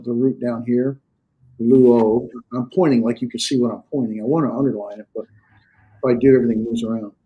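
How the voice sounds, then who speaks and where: Man lecturing with halting fillers. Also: medium pitch, a little mellow. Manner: explanatory, halting with fillers and restarts. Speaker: Greek instructor. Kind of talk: classroom lecture. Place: classroom.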